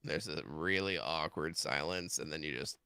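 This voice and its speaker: A man narrating as game master of a tabletop role-play game, relaxed and unhurried. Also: rumbling low, a little hiss or hum.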